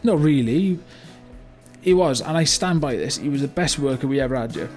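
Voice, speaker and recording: Playing a blunt older car yard owner full of regret, an actor tells a story in a British accent for a comedy monologue styled like a mockumentary. The natural, medium-pitched male voice is darkish with lively intonation at a normal speed, faint music behind it, and the rueful delivery wanders with lots of "you know" and "right?".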